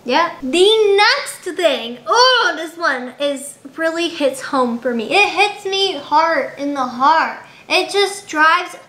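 A woman's voice: extremely high pitch, lively intonation, takes it slowly, hardly any pauses, sharp tone. A young woman vlogging at home, chatting to the camera in a dramatic, giggly way. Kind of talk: casual chat to camera. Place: indoors at home. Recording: roomy home recording.

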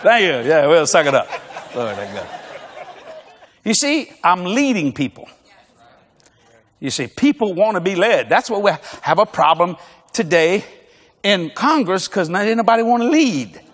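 A man's voice: high voice, very animated, a little slow, long pauses, fairly bright tone, husky. An older man preaching a comedic sermon, telling stories and acting out dialogue with bursts of laughter. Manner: storytelling with acted dialogue and frequent laughter. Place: large church auditorium. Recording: long echo of a large church hall.

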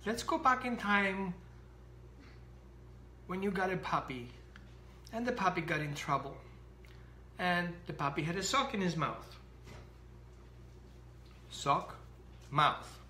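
A dog trainer giving an animated explanatory talk to camera, acting out little scenes. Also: mid-range voice, slow pace, long pauses, reverberant, slight background noise.

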